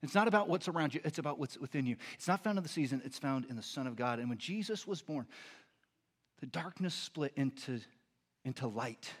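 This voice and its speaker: A man, a pastor, delivering a sermon, moving between earnest teaching and animated storytelling. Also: mid-range voice, fairly quick, slightly rough. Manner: animated storytelling with lively impressions.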